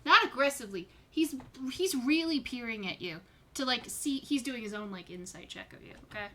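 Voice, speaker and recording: A woman running an online tabletop game as game master, narrating scenes in a loose, casual way with the odd swear. Her voice is bright and forward. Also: a little high, animated, brisk. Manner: descriptive, informal, swears casually.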